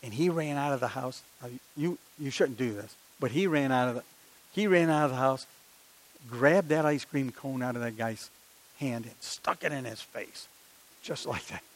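A man's voice: mid-range voice, normal speed, poor audio. An older man, preaching a sermon in a conversational style with many rhetorical questions and personal stories.

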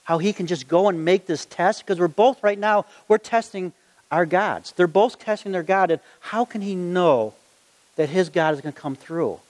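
Man preaching, animated storytelling voice, reads verses, long reverb. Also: sits high, normal speed. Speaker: gospel magician preacher. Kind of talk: sermon with Bible reading.

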